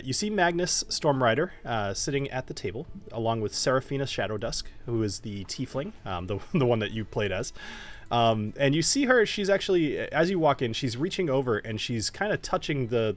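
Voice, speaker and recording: Man, dungeon master, tabletop game narration, relaxed, laughs often, expressive pitch, faint music behind.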